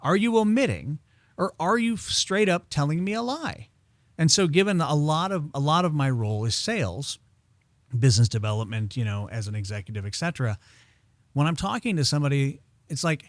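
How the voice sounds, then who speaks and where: A man telling stories in a relaxed interview, acting out quoted dialogue as he goes. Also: on the high side, normal speed, no room sound. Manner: animated storyteller, acts out quoted dialogue. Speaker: podcast guest, incense expert. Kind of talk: conversational interview storytelling.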